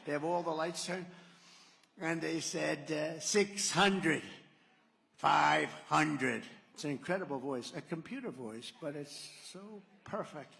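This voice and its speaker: Gravelly man giving a rambling rally speech. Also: on the high side, normal speed. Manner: digressive, sarcastic, acts out quotes. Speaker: political candidate at a campaign rally. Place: large rally venue. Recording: echoey hall reverb.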